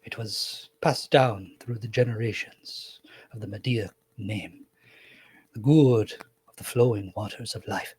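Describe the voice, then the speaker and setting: A man putting on a nervous old man, soft-spoken and formal, with a husky, breathy voice pitched a bit low. He hesitates often and sounds wary. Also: measured pace, no room sound. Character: timid, worried old man named Salim.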